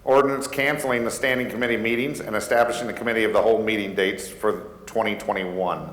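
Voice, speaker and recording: A man chairing a village board meeting as mayor, plain and halting with many fillers. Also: fairly low pitch, fairly even intonation, a bit bright. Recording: echoey hall, long reverb.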